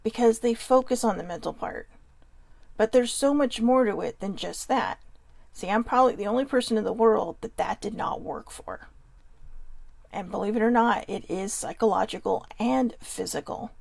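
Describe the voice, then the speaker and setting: Earnest, confessional woman with gravelly fry. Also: fairly high pitch, moderate pace, a little mellow, no room sound. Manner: earnest, confessional, addresses viewers directly; reads viewer comments aloud. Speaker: vlog host. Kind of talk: emotional personal livestream talk.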